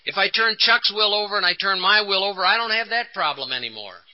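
An older Texan man stands before a conference hall and shares his recovery story with earnest emotion, voicing the dialogue himself. His high-pitched, expressive voice moves briskly, captured on a dull lo-fi 1980s conference tape.

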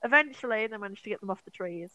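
A woman's voice: mid-range voice, animated, racing, pushed and bright, no echo, poor audio. A young woman co-hosting a podcast, casually retelling a film with lots of fillers, swearing and acted-out quotes. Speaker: podcast co-host.

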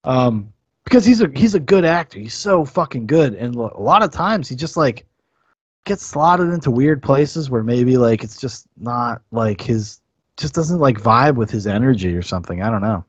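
A man who is a guest on a podcast, chatting casually and enthusiastically about films, profane and quick to laugh. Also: medium pitch, expressive, slightly rough, no room sound, dull audio. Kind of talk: casual film review chat.

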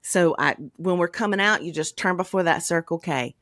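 A woman, co-hosting a podcast and telling animated, profane stories with lots of laughter. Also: fairly low pitch, normal speed, no room sound, studio quality. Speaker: podcast co-host. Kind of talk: casual storytelling chat.

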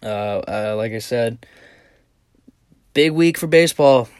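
A man's voice: mid-range voice, takes it slowly, clean tone, no room sound, studio quality. Profane young man rambling a story. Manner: rambling, profane, animated retelling. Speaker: podcast host. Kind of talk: casual solo storytelling. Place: small hot closet.

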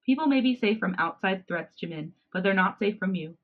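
A woman voicing a defiant young male cat hybrid with sharp, indignant outbursts, in a storybook reading with slightly dull podcast audio. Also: medium pitch, expressive, brisk. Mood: angry, accusing.

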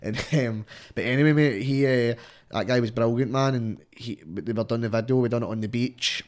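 A man's voice: mid-range voice, fairly quick. A young man with a Scottish accent, chatting casually as a guest rapper, rambling and swearing, with "mate" in nearly every line. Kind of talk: casual podcast chat.

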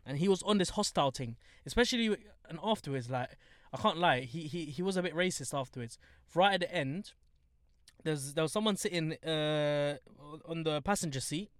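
A young man, chatting casually and telling animated stories full of slang. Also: a little high, fairly quick, no room sound, clean studio sound. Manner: animated storytelling, heavy slang. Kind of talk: casual chat.

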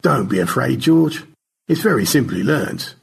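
A man's voice: mid-range voice, expressive, a little slow, creaky, breathy edge, pitched above the performer's own voice, exaggerated voice. A man voicing Stanley, a dry-witted space rescuer who teases in easy banter. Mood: teasing.

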